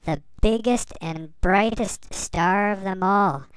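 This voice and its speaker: A woman voicing a cheerful, fast-moving comet in a bedtime story, calling out in a raised, lively voice. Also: medium pitch, clear, resonant tone, no room sound, natural voice. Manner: bright, raised, lively calls. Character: speedy friendly comet, cheerful and bouncy.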